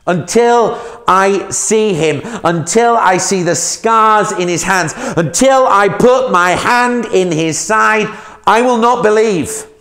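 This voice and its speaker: A man voicing a stubborn, grieving male disciple who insists on proof, speaking slowly and forcefully with drawn-out emphasis. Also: high voice, creaky, roomy sound, voice pushed up, heavily acted. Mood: emphatic defiance.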